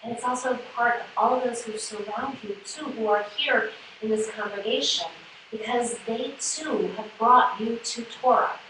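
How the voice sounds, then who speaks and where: A woman's voice: fairly high pitch, moderate pace, noisy background. A woman rabbi addressing a confirmation class, emotional and tearful, laughing through her words. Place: synagogue sanctuary. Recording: echoey sanctuary from far off.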